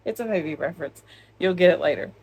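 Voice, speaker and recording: A woman's voice: on the low side, darkish tone, slightly rough. A woman co-hosting a crochet vlog at home, chatting casually and joking, filmed on a phone. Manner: chatty, laughing, jokey. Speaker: crochet channel co-host. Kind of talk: casual chat. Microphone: phone camera.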